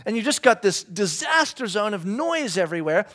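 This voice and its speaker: Pastor guy in his 30s telling a family story in his sermon, kinda high voice, lots of ums. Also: very animated, moderate pace, fairly bright tone. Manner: chatty, self-deprecating storytelling with fillers.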